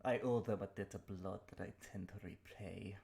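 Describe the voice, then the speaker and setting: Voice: low-pitched, steady tone, moderate pace, creaky, warm tone, pitched below the performer's own voice. A man voicing a grumpy, vengeful female rogue with curt, dry replies in a tabletop game.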